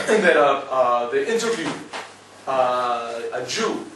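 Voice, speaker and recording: A man's voice: medium pitch, takes it slowly, recorded from a distance, noisy background. Man teaching a class in an echoey room. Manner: storytelling, lively, asks listeners "right?". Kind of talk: Torah class lecture.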